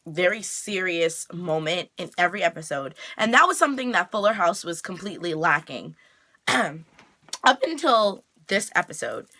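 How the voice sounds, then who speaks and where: A woman's voice: medium pitch, bright, forceful tone. A woman vlogger giving a chatty, casual recap of a TV episode, full of "like" fillers. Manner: chatty, lots of "like" fillers, acts out the characters' lines. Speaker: TV reaction vlogger.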